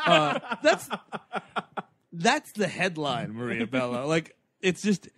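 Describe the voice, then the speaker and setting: A man jokes sarcastically through a casual movie chat, swearing freely. His voice is notably high, and it is recorded close and dry. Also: sing-song, normal speed, a bit bright, no room sound. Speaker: podcast co-host.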